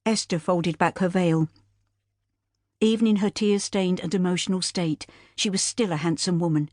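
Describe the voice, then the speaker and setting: A woman's voice: lowish voice, steady tone, normal speed, darkish tone, no echo, clean studio sound. Woman narrating a period saga. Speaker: audiobook narrator. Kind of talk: scripted narration.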